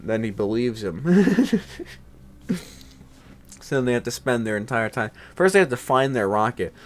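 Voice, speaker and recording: A man chatting casually as a host, rambling with lots of fillers and jokes. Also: on the low side. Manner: rambling, filler-heavy, joking. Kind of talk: casual chat.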